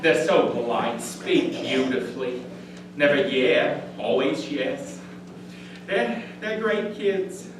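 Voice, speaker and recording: A man's voice: medium pitch, slow, a crowd in the background, close to an everyday voice. An actor playing a fussy, tearful newly separated man who stammers and gets sentimental on stage. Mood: wistful. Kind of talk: stage play acting. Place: stage before a live audience. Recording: echoey theater, mic far off, noisy.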